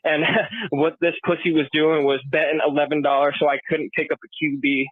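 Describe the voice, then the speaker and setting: A man rants and swears in exasperation about his team's play, voice pitched a bit high. The sound is dry and tinny, like it comes over a phone line. He talks as a podcast co-host reacting right after a game. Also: little pitch movement, brisk, no echo. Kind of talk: heated sports reaction rant.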